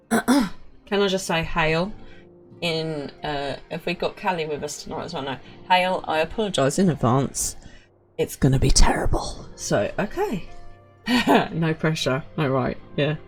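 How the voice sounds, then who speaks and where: A woman's voice: low voice, lively intonation, a little slow, faint music behind. A woman from Britain chatting casually as a game streamer, self-mocking and chatty. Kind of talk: casual live-stream chat.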